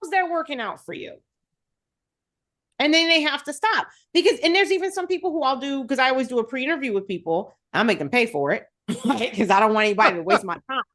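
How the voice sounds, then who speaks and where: A woman's voice: high-pitched, quick pace. A woman wellness coach talking frankly in a casual podcast chat, animatedly quoting the people she works with. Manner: frank and animated, quotes her clients.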